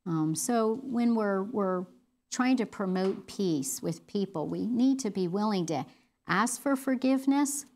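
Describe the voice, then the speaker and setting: A woman's voice: mid-range voice, lively intonation, unhurried, a little mellow. A middle-aged woman leading a women's Bible study, talking earnestly and conversationally with fillers and restarts.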